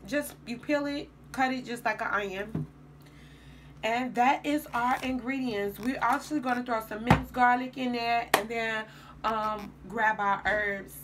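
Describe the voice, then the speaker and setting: A woman with a somewhat high voice talks unhurriedly through a home cooking vlog. She chats to her viewers as she works in her kitchen, with a faint hum of background noise. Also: a bit bright. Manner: chatty, addresses viewers while cooking. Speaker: home cook vlogger.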